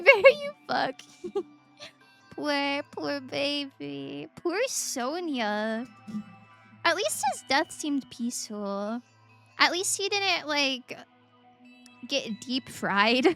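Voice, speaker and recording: A woman with a high, slightly bright voice streams a video game, giving let's-play commentary full of emotion and frequent giggles while faint game music plays underneath.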